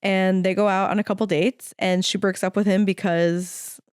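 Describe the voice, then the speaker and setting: A woman's voice: medium pitch, moderate pace, smooth, dry recording, clean studio sound. A young adult woman co-hosting a podcast, casually recapping a TV episode and acting out the characters' lines as she goes. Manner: animated, acts out characters' lines while retelling. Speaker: podcast co-host. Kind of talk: casual chat recapping a TV show.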